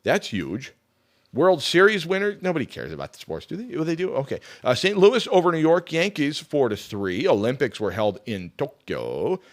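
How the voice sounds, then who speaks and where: A man hosting a radio talk show, chatting casually as he reads through a list of facts and drops quick personal asides. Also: fairly high pitch, very animated.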